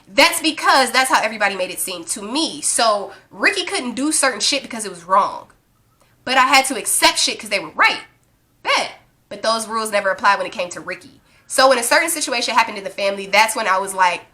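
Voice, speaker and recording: A woman's voice: on the high side, fairly quick. A woman in her twenties ranting in a casual vlog, blunt and profane, acting out arguments as she tells them. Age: 20s. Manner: blunt, profane, animated storytelling. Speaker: vlogger.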